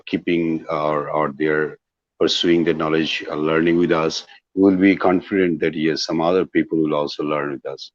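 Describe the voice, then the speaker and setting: A man's voice: low-pitched, darkish tone, no room sound, lo-fi sound. A middle-aged man with a Bangladeshi accent, an English professor giving a didactic talk as a guest speaker, often checking in with "okay?" and "you see". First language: Bengali. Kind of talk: lecture-style talk.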